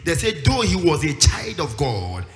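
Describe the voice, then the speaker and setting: A man's voice: fairly high pitch, wildly swooping pitch, a little slow. A man preaching a sermon with emphasis, acting out the voices of the people he quotes and rising into a sing-song delivery. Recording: echoey hall with music behind.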